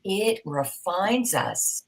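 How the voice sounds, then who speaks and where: A woman's voice: mid-range voice, sing-song, drawn-out words, creaky, low-quality recording. A middle-aged woman telling a heartfelt personal story as a podcast panel guest, growing emotional and sometimes dropping to a whisper.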